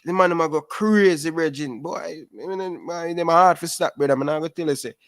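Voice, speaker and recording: A man's voice: fairly high pitch, brisk, no room sound, clean studio sound. A man calling in to a fan show, talking animatedly and calling everyone brother. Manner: animated, patois-laced, calls everyone brother. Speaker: caller. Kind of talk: casual phone-in chat.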